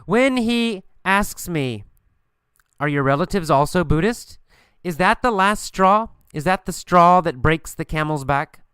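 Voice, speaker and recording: A man's voice: sits high, animated, unhurried, a bit bright, clean tone, no room sound, clean studio sound. A man teaching an English lesson by telling a story, asking questions and answering them himself with emphatic repetition.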